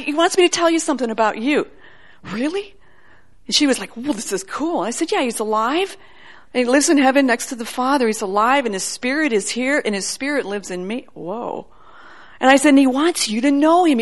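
A woman from the Chicago area, preaching and telling a personal testimony story in an animated, laughing way. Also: fairly high pitch. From Chicago area, USA.

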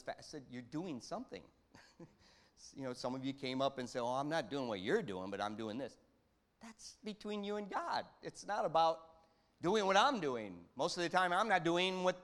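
A man preaching a sermon in a conversational way, quoting scripture and swinging his pitch and volume. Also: fairly bright tone. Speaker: pastor.

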